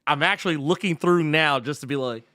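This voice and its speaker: A man's voice: a little high, brisk, sharp tone. A man co-hosting a casual podcast, laughing often and speaking in loose slang. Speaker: podcast co-host.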